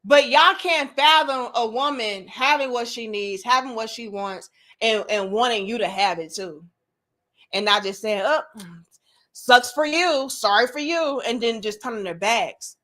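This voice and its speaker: Woman host, high voice, outspoken and profane, monologue style. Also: normal speed, sharp tone. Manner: blunt and profane, slips into mocking quoted voices. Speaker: commentary channel host. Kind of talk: opinionated monologue to camera.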